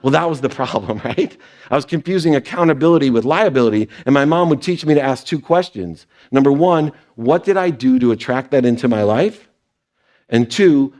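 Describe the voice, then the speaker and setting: A man's voice: mid-range voice, expressive, a little fast, darkish tone. A man with a mid-range voice gives a motivational talk on stage before an audience. He tells personal stories and briefly slips into other people's voices when he quotes them. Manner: storytelling, quoting others in brief put-on voices. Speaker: speaker.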